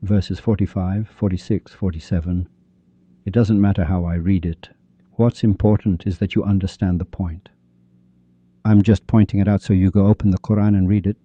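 Man giving a religious lecture, super dark mellow voice, dull lo-fi sound, really emphatic. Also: low-pitched, steady tone, normal speed, slightly rough, no echo. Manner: emphatic, dramatic, addresses listeners directly. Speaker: religious teacher. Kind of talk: lecture explaining poetry and scripture. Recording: dull lo-fi dry recording.

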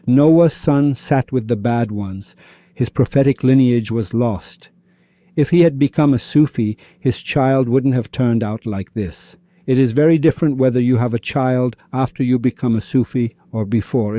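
A man's voice: mid-range voice, mellow, no room sound. A man giving a rambling spiritual lecture that drifts between questions to the audience and retold stories with quoted dialogue. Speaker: religious speaker. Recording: dull lo-fi recording.

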